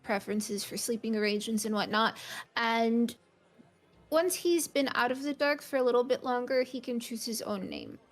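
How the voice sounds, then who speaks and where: Woman player, bright higher voice, considerate and unhurried. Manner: careful, polite, with fillers. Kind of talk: tabletop role-play.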